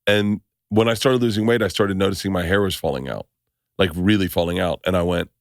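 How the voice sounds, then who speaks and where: Man, podcast host, lowish voice, loud storyteller, dry close sound. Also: fairly quick, dry recording. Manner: loud, animated storyteller, acts out quotes. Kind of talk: casual chat.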